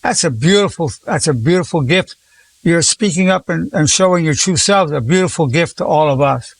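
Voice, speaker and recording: A psychologist in his eighties leads a group session, talking effusively and repeating words of praise to encourage the group. His voice is fairly high and gravelly, at a moderate pace.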